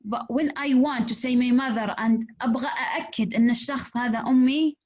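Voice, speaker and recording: Brisk woman teacher on a dull recording. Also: on the high side, a little mellow. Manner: explains slowly in English, rapid in Arabic. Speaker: English teacher. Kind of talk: classroom lesson, switching into Arabic.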